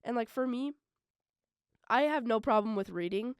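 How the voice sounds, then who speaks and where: A young woman hosting a college radio podcast, chatting casually and rambling with lots of fillers, swinging between loud bursts and mumbled asides. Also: fairly high pitch, normal speed, clean tone, no room sound, clean studio sound. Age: young adult. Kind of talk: casual solo podcast chat.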